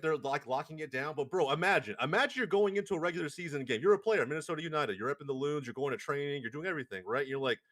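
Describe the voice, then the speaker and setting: A man holding forth in a casual sports conversation. His pitch rises and falls with lively swings as he stresses and repeats his points. He laughs easily between them. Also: very fast, hardly any pauses. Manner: animated, laughs a lot, emphatic repetition. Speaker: podcast co-host.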